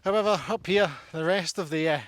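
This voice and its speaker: A man's voice: high voice, fairly quick, a bit bright. Breathless Scottish man hiking uphill. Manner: jokey, self-mocking while climbing. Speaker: hillwalking vlogger. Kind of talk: casual outdoor vlog chat. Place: outdoors on a windy mountain. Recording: outdoor action camera with faint background noise.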